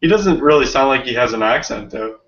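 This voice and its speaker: Guy tossing in quick plain comments on a fishing stream, kinda muffled. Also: medium pitch, animated, a crowd in the background. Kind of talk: casual live stream chat.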